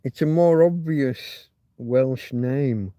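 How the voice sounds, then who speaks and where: A man's voice: mid-range voice, very slow, warm tone, no echo. A man hosting a loose livestream, thinking aloud and muttering asides as he reads viewers' chat. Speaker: livestream host. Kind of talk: rambling live chat with viewers.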